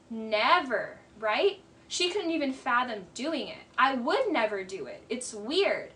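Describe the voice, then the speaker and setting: A woman's voice: high-pitched, expressive, moderate pace, hardly any pauses, a bit bright. A woman giving casual, emphatic commentary on a reality TV episode, often exasperated and mimicking the people she quotes.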